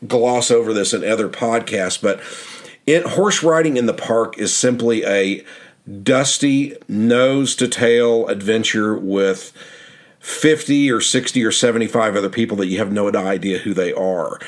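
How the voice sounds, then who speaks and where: A man's voice: on the low side, a little slow. A man hosting a travel podcast, telling stories in a loose, rambling, folksy way and often repeating phrases. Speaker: podcast host and tour guidebook author. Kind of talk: casual storytelling travel podcast.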